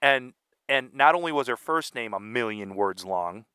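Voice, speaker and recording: Rambling, goofy podcast co-host, a man with a bright voice, recorded dry. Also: medium pitch, expressive, normal speed, smooth, dry recording. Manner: rambling, plays dumb, goofy asides. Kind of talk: casual comedic chat.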